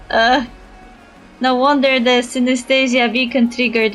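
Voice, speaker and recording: A woman streaming a game, reading its text aloud in an animated, giggly, expressive way. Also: sits high, a little slow, faint music behind.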